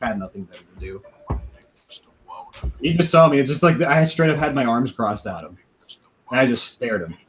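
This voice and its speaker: A man's voice: medium pitch, lively intonation, moderate pace, long pauses, fairly bright tone, faint music behind, poor audio. A man on a podcast casually telling a long profane story, laughing now and then and acting out what others said. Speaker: podcast host.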